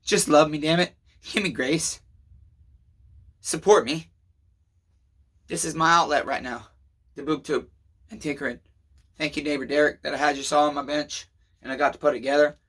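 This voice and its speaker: A middle-aged man hosting a chainsaw vlog, swinging between loud emotional outbursts and low weary confession, swearing constantly and calling viewers neighbors. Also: fairly even intonation, moderate pace, long pauses. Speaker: chainsaw channel host. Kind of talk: emotional rambling vlog monologue.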